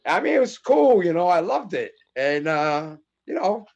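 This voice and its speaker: A middle-aged man tells a street story in a casual podcast chat. His voice sits high, and he acts out each person's lines with lively swings. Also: moderate pace, creaky, highs cut off. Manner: animated storyteller acting out dialogue. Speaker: actor guest.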